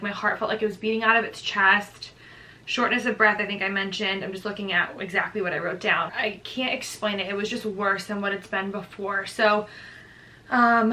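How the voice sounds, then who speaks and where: A young woman, pregnant, talks through her week-by-week notes in a loose, chatty vlog style with plenty of "like" fillers. Her voice is bright and forward. She sits a bit away from the microphone, so the sound is slightly distant. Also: mid-range voice. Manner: chatty, lots of "like", reading from notes. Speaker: vlogger. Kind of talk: casual pregnancy update vlog.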